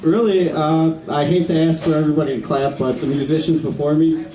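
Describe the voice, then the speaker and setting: A man's voice: fairly high pitch, steady tone, a little fast, mellow. Rambling young man doing stand-up. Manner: rambling, profane, laughs at own jokes. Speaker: stand-up comedian. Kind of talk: open-mic stand-up set. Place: small bar open mic. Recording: echoey room, far mic, crowd laughter. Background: audience laughing.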